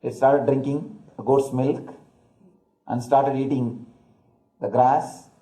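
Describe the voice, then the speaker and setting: A man, a spiritual teacher, telling a parable in a slow, deliberate discourse. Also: medium pitch, fairly even intonation, mellow. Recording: roomy hall echo.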